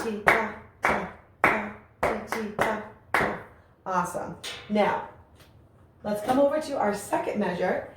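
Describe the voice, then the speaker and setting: A woman teaching a music lesson, explaining rhythms and chanting rhythm syllables aloud with encouragement. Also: medium pitch. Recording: very echoey room with faint ambient noise.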